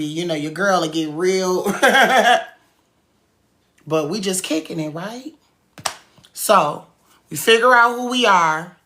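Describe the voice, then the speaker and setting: A woman's voice: lowish voice, takes it slowly, pauses often, bright, forceful tone. A woman giving a casual motivational talk, emphatic and preachy, repeating her points in slangy everyday speech. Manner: casual slang-heavy delivery. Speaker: cookie business owner and speaker.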